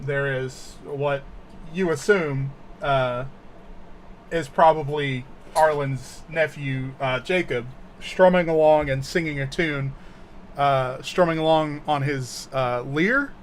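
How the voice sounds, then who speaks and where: A man narrating a tabletop role-playing game as game master, halting and full of fillers. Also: on the high side, a little hiss or hum.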